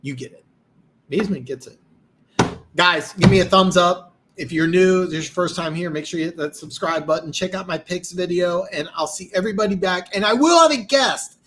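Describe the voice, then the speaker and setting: High-pitched and fairly quick, this man's voice is a bit bright, with a little hiss or hum in the recording. He's the host of a live football stream, reading comments, boastful and rambling with frequent restarts, worn out and losing his voice.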